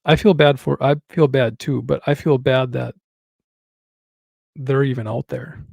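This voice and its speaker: A man from Wisconsin with a creaky, medium-pitched voice speaks at a measured pace, recorded dry with clean studio sound. Co-hosting a casual podcast chat, he's an animated storyteller who acts out both sides of the conversations he retells.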